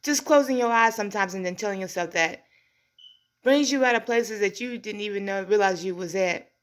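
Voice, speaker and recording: A woman's voice: medium pitch, brisk. A middle-aged woman hosting a community show, giving an earnest, heartfelt motivational talk in a preacherly way. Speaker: host. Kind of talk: inspirational monologue.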